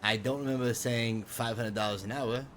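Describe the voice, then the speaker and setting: A man's voice: medium pitch, fairly even intonation, normal speed, fairly bright tone, slight background noise. A man talking in character in a roleplay game, friendly and easygoing, often a little confused. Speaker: roleplay character, business owner.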